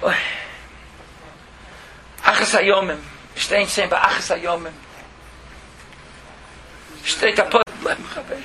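A man's voice: sits high, takes it slowly, pauses often, slight background noise. A man telling a religious story in a Torah talk, repeating phrases for emphasis. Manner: animated, repeating phrases, mixing languages.

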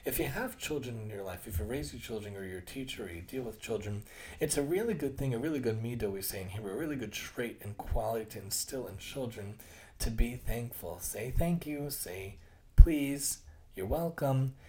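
An earnest man in his thirties hosts his own solo talk, speaking at a mid-range pitch. He keeps the tone casual and conversational. He often circles back to repeat and rephrase what he just said. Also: animated, normal speed, warm tone. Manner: acts out quoted voices with shifts in tone. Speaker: occupational therapist and podcast host.

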